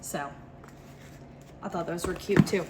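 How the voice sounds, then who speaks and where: A woman's voice: on the low side, unhurried. A young woman from Georgia in the US who has no Southern accent, chatting casually and rambling as she vlogs her day, often correcting herself. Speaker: vlogger. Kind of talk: casual vlog chat. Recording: loud traffic and road noise behind.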